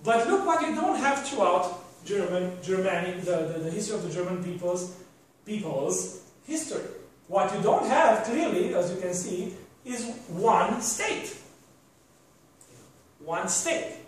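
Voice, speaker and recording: High-voiced man lecturing in an echoey hall. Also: sing-song, moderate pace, distant mic, slight background noise. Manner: rambling, self-correcting, rhetorical questions. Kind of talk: university lecture.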